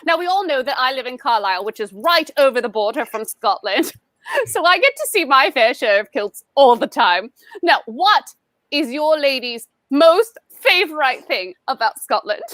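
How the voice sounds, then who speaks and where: A woman hosting a comedy show in character, gushing and theatrical, bursting with excitement. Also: high voice, moderate pace, dry recording, studio quality. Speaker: host.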